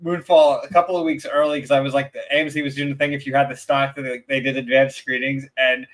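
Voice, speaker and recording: A man's voice: mid-range voice, level tone, quick pace, a bit bright. A man co-hosting a casual movie podcast, eager and enthusiastic.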